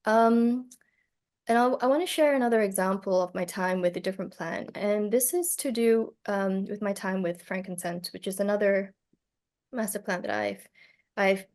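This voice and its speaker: A woman's voice: mid-range voice, normal speed. Reflective woman with frequent ums. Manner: hesitant, many fillers and restarts; reflective, gently animated when telling a story. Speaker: speaker on plant medicine. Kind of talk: casual personal storytelling.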